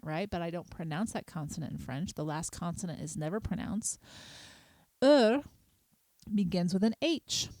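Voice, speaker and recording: A middle-aged woman, hosting a podcast and patiently explaining a small language lesson, spelling words out slowly. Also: medium pitch, a little mellow, dry recording. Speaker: podcast host.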